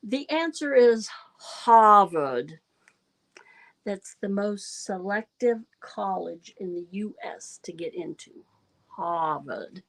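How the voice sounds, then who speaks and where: A woman's voice: mid-range voice, animated, slow, vocal fry. A woman hosting a casual trivia livestream, chatting and reading quiz questions aloud. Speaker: livestream host.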